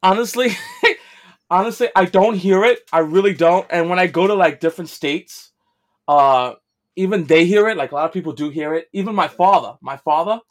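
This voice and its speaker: A man's voice: high-pitched, normal speed. New york guy on a chat podcast, heavy accent, telling a story, kinda defensive. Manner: defensive, storytelling, laughing asides. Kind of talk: casual chat.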